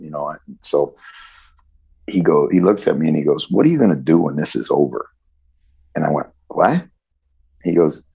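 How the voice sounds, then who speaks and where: Older coach in his sixties, very low gravelly voice, tells long stories with restarts. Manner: animated anecdotal storytelling with frequent restarts. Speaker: football coach. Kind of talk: storytelling interview answer.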